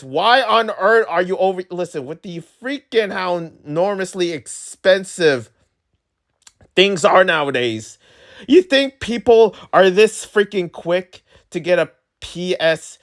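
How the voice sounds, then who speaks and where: A man's voice: high voice, fairly bright tone. Guy ranting at his channel, rambly, exasperated, tons of likes and you knows. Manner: rambling, exasperated, lots of filler words. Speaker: channel host. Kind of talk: casual rant to camera.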